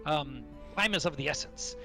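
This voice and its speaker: A man voicing an excitable dwarf who hires adventurers, stammering and calling everyone lad. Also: fairly high pitch, moderate pace, music in the background, close to an everyday voice. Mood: eager. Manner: stammering, calls everyone lad, old-fashioned phrasing. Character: excitable male dwarf quest-giver, hushed and eager.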